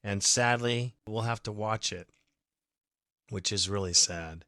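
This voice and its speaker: A man's voice: on the low side, slow pace, very noisy. A man hosting a fan podcast, reading listener comments and ranting emotionally, swearing freely in a casual monologue.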